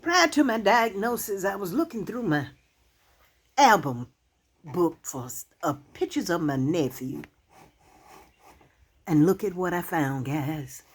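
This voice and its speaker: Older lady in her 60s talking to her viewers, kinda husky, lots of ups and downs in her voice, heartfelt. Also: fairly low pitch, animated. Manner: heartfelt, halting, emotional. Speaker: channel host. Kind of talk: casual talk to camera.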